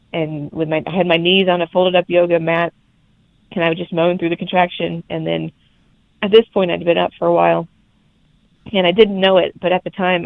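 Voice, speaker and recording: Young woman telling her story, gravelly voice, tinny call audio. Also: fairly low pitch, dry recording. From Alabama, USA. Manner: lively storytelling with laughter. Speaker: podcast guest. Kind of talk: personal birth story, casual chat. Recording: tinny phone-like remote line.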